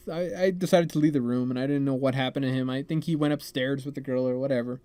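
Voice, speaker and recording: A young man hosting a podcast, telling a story in a rambling, animated way full of "like" and "man". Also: mid-range voice, fast, few pauses, clear, resonant tone, dry recording. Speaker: podcast host. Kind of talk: casual storytelling.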